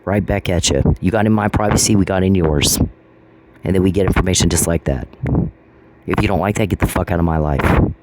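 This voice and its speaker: A vlogger with a low voice talks a little fast in an angry, profane monologue, confronting someone and repeating taunting questions. The recording is noisy and has clicks.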